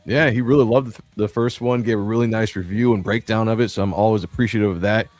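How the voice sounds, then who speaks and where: Low-voiced man hosting a casual livestream. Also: steady tone, quick pace, a little mellow, no room sound. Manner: rambling, jokey, laughs often. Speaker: livestream host.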